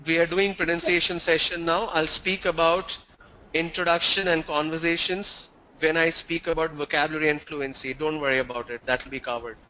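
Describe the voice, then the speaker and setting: A man's voice: a little high, flat delivery, fairly quick, bright, forceful tone, slight background noise, poor audio. A man teaching a pronunciation class online, spelling words out letter by letter before saying them.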